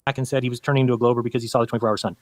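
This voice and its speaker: A man's voice: mid-range voice, steady tone, racing, dry recording. A man arguing in a debate, insistent and lecturing, pressing his points hard. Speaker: debate guest. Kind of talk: heated debate talk.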